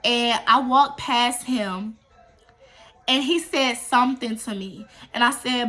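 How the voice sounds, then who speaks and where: A young woman with a bright, sharp voice pitched a little high tells a story to her vlog camera. She talks casually, with animated, profane and emphatic delivery. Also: slow. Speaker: storytime vlogger.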